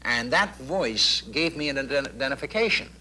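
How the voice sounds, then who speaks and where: Bright-voiced man telling showbiz stories. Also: medium pitch, expressive, moderate pace. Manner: thoughtful, anecdotal, with clipped impressions. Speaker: comedian guest. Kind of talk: talk show interview.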